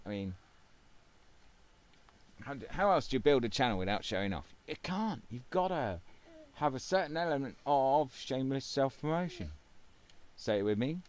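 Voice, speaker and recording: A man hosting a casual gaming video at home, rambling and wry with plenty of fillers. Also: medium pitch. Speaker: gaming channel host.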